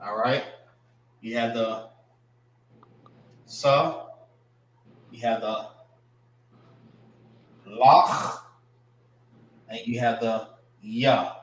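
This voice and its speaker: A man teaching a class in a casual way. He repeats and spells out words slowly and uses slang. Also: medium pitch, completely flat delivery, roomy sound, low-quality recording. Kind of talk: classroom language lesson.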